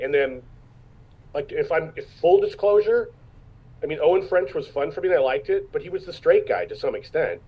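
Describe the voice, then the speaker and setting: Husky fifty-something man telling stories. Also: mid-range voice, lo-fi sound. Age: 50s. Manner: storytelling, acts out quotes, frequent restarts. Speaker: actor guest. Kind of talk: casual interview chat.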